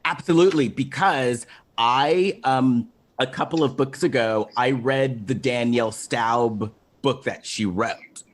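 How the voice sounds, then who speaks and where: A man hosts a casual podcast chat with an eager, easygoing delivery. His voice sits at an ordinary middle pitch, and he often laughs and repeats himself as he agrees. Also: measured pace. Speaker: podcast host.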